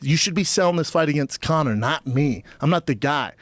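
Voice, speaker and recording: A man's voice: a little high, a little fast, no echo. A man talking as a podcast guest, telling a story in casual chat and acting out both sides of the exchanges he recalls. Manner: animated, acts out quoted exchanges.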